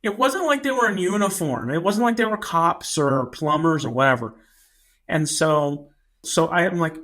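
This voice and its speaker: A young man co-hosting a podcast, telling a story in a casual, animated way and acting out his own lines. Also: on the high side, normal speed. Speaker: podcast co-host. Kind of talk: casual chat.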